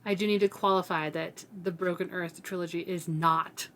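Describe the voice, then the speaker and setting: A woman co-hosting a podcast, speaking in an earnest, measured, agreeable way in casual discussion. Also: fairly low pitch, fairly even intonation, a bit bright. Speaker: podcast co-host.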